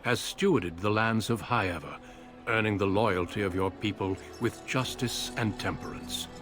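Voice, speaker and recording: Actor doing a solemn game narrator, low voice, measured, music behind. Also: male voice, lightly acted. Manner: grave, measured. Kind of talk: scripted narration.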